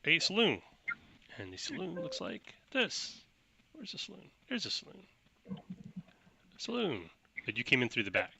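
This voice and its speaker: A man running a tabletop game, narrating the scene in a loose, rambling way and laughing at himself. His voice is very bright and lively, with a lot of pitch movement. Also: moderate pace, creaky, pauses often, a little hiss or hum. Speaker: game master.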